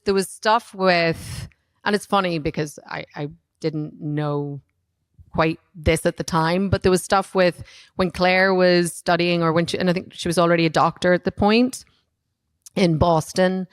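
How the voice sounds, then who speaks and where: A woman lead actress talks casually on a festival panel. Her voice sits on the low side, and she jokes easily and laughs at herself. The recording is dry. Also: smooth, no echo. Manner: playful, laughing, self-mocking.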